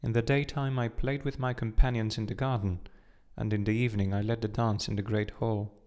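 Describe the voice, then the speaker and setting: The sorrowful statue of a dead prince speaks in a low, musical voice, read by a man in an audiobook. He is gentle and grave, and his tone sits at a middling pitch. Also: smooth, lightly acted. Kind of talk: audiobook reading.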